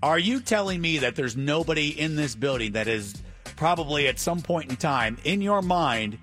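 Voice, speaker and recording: A man's voice: on the high side, moderate pace, faint music behind. A man co-hosting a radio talk show, teasing his co-host and reacting with disbelief. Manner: animated, teasing and incredulous. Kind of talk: casual radio banter. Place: radio studio.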